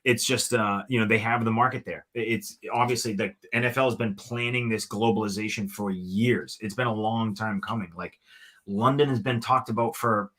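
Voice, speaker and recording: A man's voice: on the low side, fairly even intonation, normal speed, fairly bright tone. A man explaining football topics on a casual podcast. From United States. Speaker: podcast analyst. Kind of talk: casual sports talk.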